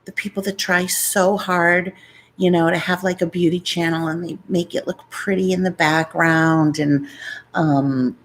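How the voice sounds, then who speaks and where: Low-voiced chatty New woman. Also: steady tone, unhurried, a little hiss or hum, low-quality recording. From New York. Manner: rambling, chatty, jumps between topics. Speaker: YouTuber hosting a live chat. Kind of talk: casual live-stream chat.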